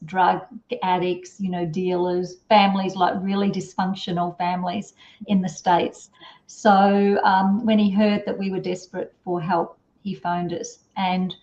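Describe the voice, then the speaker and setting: A woman's voice: mid-range voice, a little mellow, reverberant, highs cut off. A middle-aged woman telling a long personal story as an interview guest, chatty and rambling, with many fillers and restarts. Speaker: parenting strategist guest.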